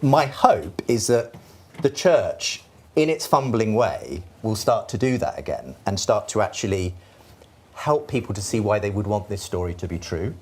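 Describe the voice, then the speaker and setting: Low, husky man speaking earnestly. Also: lively intonation, moderate pace. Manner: earnest and reflective, with softer falls on key words. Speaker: Christian panelist. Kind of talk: panel discussion.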